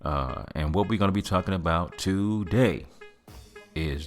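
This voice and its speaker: A man hosting a podcast, giving an earnest faith-based motivational talk in casual speech, slowing down to stress key phrases. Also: low-pitched, soft background music. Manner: earnest, preachy, colloquial with "man" and "fam". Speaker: podcast host.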